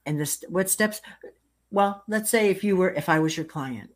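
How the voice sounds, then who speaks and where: Low-voiced older woman host. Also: expressive, normal speed. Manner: storytelling, laughs at her own jokes. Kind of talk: casual interview chat.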